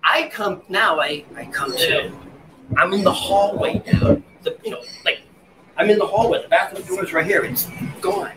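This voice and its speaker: Male guest, slightly high voice, lively storyteller, bar noise behind him. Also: normal speed. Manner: animated, laughing, restarts and acts out quotes. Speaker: guest, waiter. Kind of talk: casual storytelling.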